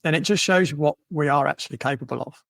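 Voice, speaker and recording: A man hosts a podcast, his voice a touch higher than most men's and recorded close and dry. He talks in an easy, relaxed way and keeps backing up his guest with quick yeahs, and he slips into his own stories along the way. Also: vocal fry, no echo. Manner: relaxed, affirming with frequent yeahs and mms. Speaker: podcast host. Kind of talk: podcast conversation.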